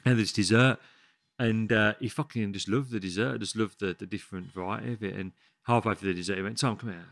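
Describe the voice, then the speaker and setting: A man's voice: on the low side, steady tone, fairly quick, creaky, a bit bright, no echo. A man, a chef telling a story in casual chat, rambling and swearing often. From West Midlands, England. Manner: rambling, frequent swearing and restarts. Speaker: chef, podcast guest. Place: podcast studio.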